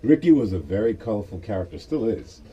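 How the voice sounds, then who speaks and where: Deep-voiced relaxed American DJ. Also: male voice, muffled recording. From United States. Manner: relaxed, reflective, quick to laugh. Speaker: guest DJ. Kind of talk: casual radio interview. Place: radio studio.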